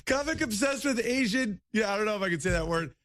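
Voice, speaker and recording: A man's voice: high voice, lively intonation, fast, fairly bright tone. A man who is a comedian, guest on a talk show, chatting loosely with rambling, laughing asides. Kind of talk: casual interview chat.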